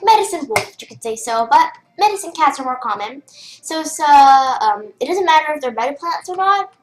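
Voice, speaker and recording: In a high female voice with lively intonation and normal speed, a young girl rambles through a casual game tutorial recorded on screen, full of fillers and restarts. Keyboard typing, a roomy sound and a noisy background fill the recording.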